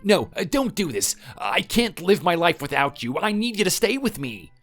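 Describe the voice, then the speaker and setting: A man's voice: high voice, very animated, normal speed, a bit bright, soft background music. A man voicing a defensive husband clinging to his marriage, in a pleading, insistent manner. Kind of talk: scripted dialogue drama.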